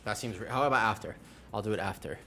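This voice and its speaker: A man's voice: lowish voice, quick pace, vocal fry, pushed and bright. Breathless joking young man streaming. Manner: joking, chatty, talks to viewers. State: out of breath from exercise. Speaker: game streamer. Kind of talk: casual live-stream chat. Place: home room with a fan.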